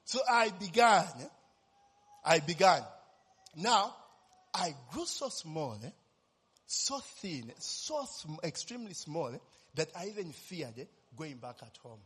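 A man's voice: a little high, sing-song, a little slow, fairly bright tone, slightly rough, long reverb tail. A man, preaching a sermon as personal testimony, telling his story animatedly and constantly tossing in tag questions.

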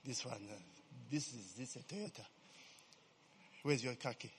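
A man's voice: mid-range voice, a little slow, long reverb tail, a little hiss or hum. A man preaching a humorous, conversational sermon, constantly checking in with "eh?" and "okay?" and answering his own questions. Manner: peppers talk with "eh?" and "okay?" checks to the congregation.

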